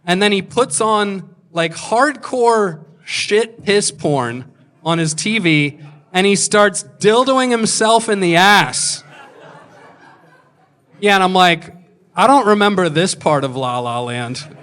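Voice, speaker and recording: A man in his twenties telling a crude story on stage as a stand-up comedian, deadpan with sudden shouted punchlines. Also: high-pitched, slow pace, clean tone. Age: 20s.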